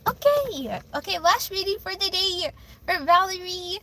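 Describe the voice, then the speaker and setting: A woman's voice: extremely high pitch, animated, moderate pace, sharp tone, a little hiss or hum, rough recording. A young woman live-streaming a tarot reading, speaking emotionally, stammering and repeating herself. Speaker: livestreamer giving tarot readings.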